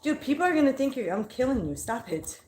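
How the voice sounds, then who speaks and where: A woman's voice: high voice, very animated, fast, darkish tone, slight background noise. A young adult woman chatting playfully and bluntly on a casual live stream, talking to her dog and giving readings. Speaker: live psychic reader.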